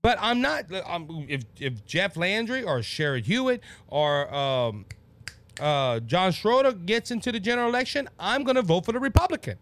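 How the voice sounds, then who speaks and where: A man's voice: sits high, sing-song, normal speed, fairly bright tone. A man with a Louisiana accent hosting a political talk show, passionate and worked up, often stumbling and repeating words. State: worked up and sweating. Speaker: podcast host.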